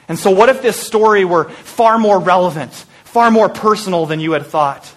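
A man preaching an Easter sermon, telling the story vividly and sometimes dropping to a hushed voice, with lighthearted asides. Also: on the high side, moderate pace, few pauses. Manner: storytelling, drops to a hushed voice for intimate moments. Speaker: pastor.

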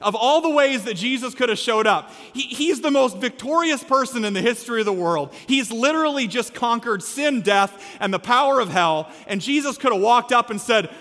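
Bright-voiced preacher in a big hall. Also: male voice, very high voice, moderate pace, few pauses. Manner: energetic, humorous, acts out quotes. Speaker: pastor. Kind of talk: sermon. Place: church sanctuary.

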